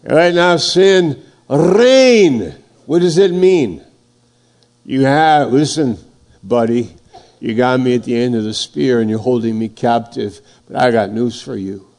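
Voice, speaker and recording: Slow gravelly-voiced male preacher. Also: mid-range voice, darkish tone. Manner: slow, emphatic preaching, voice swelling and dropping. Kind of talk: sermon.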